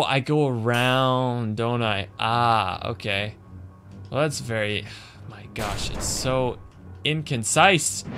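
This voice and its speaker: Exasperated man playing a game, slow talk. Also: mid-range voice, fairly bright tone. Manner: frustrated, exasperated, muttering complaints. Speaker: gaming channel host. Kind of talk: let's play commentary.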